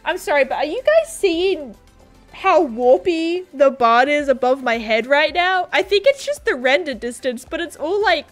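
A young Australian woman with a high, bright voice chats bubbly and scattered with her viewers during a game stream, full of filler words and giggles. Soft game music plays faintly behind her. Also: expressive, normal speed. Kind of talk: casual livestream chat, reading viewer comments.

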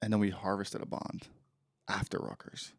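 A man's voice: fairly low pitch, monotone, vocal fry, no echo, clean studio sound. A young man co-hosting a casual comedy podcast, teasing his friend. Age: young adult. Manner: fast, teasing banter.

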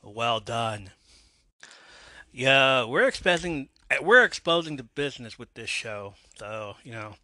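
Bright-voiced man recapping a show. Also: medium pitch, expressive, slow pace. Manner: reads scene aloud, imitating characters with a drawl, laughing asides. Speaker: podcast host. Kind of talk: casual recap narration.

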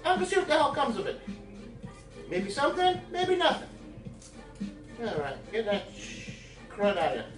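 A man's voice: very high-pitched, wildly swooping pitch, moderate pace, long pauses, fairly bright tone, distant mic. A man hosting a casual home cooking video, rambling and cracking crude jokes at the viewers. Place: home kitchen. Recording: echoey room, from the camera, faint music. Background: music playing in the home.

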